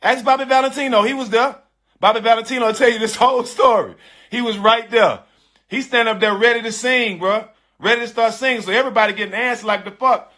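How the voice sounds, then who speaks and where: A middle-aged man telling a personal story in casual, slangy speech, animated and emphatic, often repeating his phrases. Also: extremely high pitch, fast talker. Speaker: storyteller on a live stream.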